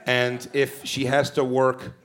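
Guy co-hosting a live show, mid-pitched, crude and rambly, keeps restarting. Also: completely flat delivery, slow, fairly bright tone. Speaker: podcast co-host. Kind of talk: bawdy live podcast banter. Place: live show in a music club.

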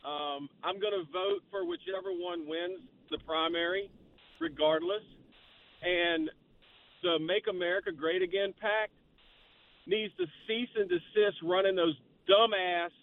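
A man calling in to a talk radio show, blunt and opinionated. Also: high voice. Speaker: caller. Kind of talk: call-in political talk radio. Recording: tinny phone line.

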